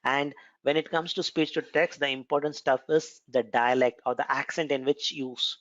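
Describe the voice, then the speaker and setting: A man's voice: medium pitch, steady tone, normal speed, a bit bright, no echo, lo-fi sound. A man with an Indian accent teaching a technical lesson, explaining step by step and often correcting himself. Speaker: instructor. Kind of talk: technical lecture with screen demo.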